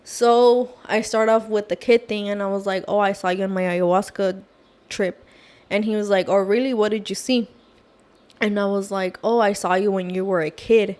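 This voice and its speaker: A woman appearing as a podcast guest tells a personal story casually and with animation, peppering it with "like" and "oh my gosh." Her voice is mid-range, at normal speed.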